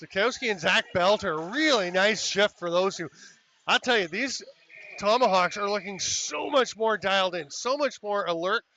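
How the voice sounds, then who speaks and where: A man calling a lacrosse game as play-by-play commentator, chatty and excitable on goals, with apologetic asides between plays. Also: sits high, normal speed. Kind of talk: sports commentary. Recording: slightly dull lo-fi broadcast with faint noise.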